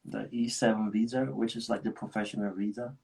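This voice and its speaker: A man hosting a casual live chat, telling animated stories and slipping into Korean phrases. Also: lowish voice, a little fast, vocal fry, rough recording. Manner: animated storytelling, switches into Korean. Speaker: host.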